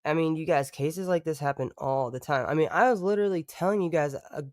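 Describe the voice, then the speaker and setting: A man's voice: on the high side, a little fast, darkish tone, no echo, studio quality. A man streaming live, chatting casually and rambling, swearing freely and breaking off to talk to his dog.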